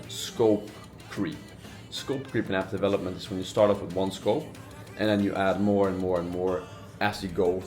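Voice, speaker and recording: Brief: twenties male vlogger, low voice, easygoing and unscripted, many fillers. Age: 20s. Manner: relaxed, rambling, many fillers and restarts. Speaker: entrepreneur vlogger. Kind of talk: casual vlog narration.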